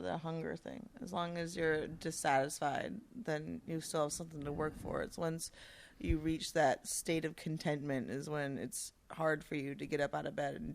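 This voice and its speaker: A woman fighter being interviewed, giving relaxed, offhand answers while shadowboxing. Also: deep voice, no room sound. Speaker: guest, professional fighter. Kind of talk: casual interview chat.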